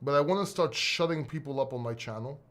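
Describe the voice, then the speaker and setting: A middle-aged Greek man hosts a casual solo crypto YouTube video, speaking bluntly, swearing, and rambling with restarts. His medium-pitched voice is a bit bright and moves fast.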